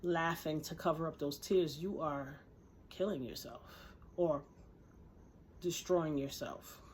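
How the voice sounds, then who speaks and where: A woman's voice: low voice, takes it slowly, a little mellow, slight background noise. A woman vlogger telling a personal story straight to camera, earnest and emphatic. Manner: earnest and emphatic, acts out quoted voices. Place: indoors, speaking to camera.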